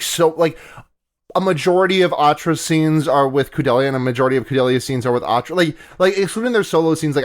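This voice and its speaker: Man, podcast co-host, somewhat high voice, casual, jokey, rambling asides, restarts mid-sentence. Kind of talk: casual chat recapping an anime.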